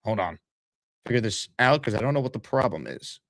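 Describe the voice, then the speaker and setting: A man hosting a live sports talk stream, energetic and hyping his audience. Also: fairly low pitch, fairly quick, a little hiss or hum. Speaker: sports talk show host. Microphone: streaming setup mic.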